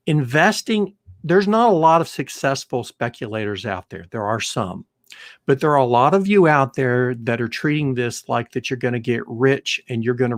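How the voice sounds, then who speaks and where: A man with a medium-pitched voice hosts a retirement show, talking directly to viewers; the sound is clean studio audio without echo. His storytelling is earnest, and he keeps repeating himself while telling a long parable.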